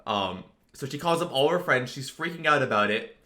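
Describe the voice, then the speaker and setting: Young man, storytime vlogger, bright voice, casual and rambling. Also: medium pitch, lively intonation, fairly quick. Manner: rambling, filler-heavy, lots of "like". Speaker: storytelling video creator.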